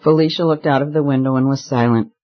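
A man reading a story aloud as audiobook narrator, in an even, measured storytelling manner. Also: mid-range voice, faint music behind. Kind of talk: scripted narration. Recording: slightly muffled recording.

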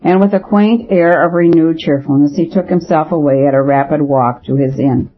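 A man reading a novel aloud, with a measured, even delivery and light shifts for the characters. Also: on the high side. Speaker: audiobook narrator. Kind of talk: scripted narration of a novel. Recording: dull lo-fi audio.

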